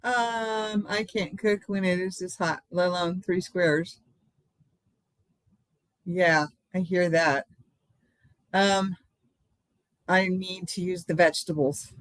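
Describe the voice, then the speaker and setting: A woman's voice: fairly low pitch, steady tone, slow pace, long pauses, dry recording. An older woman hosting a casual live stream, chatting in a rambling way from home and laughing often.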